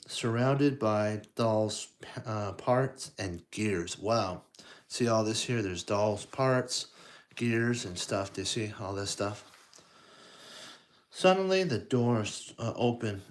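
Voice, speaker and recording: Male storybook reader for kids, very slow, halting, chatty asides. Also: on the low side. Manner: slow, halting, asks the listener questions. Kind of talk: reading a storybook aloud to children.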